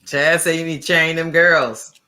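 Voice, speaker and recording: A man with a bright, clear tone talks slowly and teasingly. He offers mock sympathy in a laid-back podcast chat. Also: a little high, steady tone. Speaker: podcast co-host. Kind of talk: casual chat.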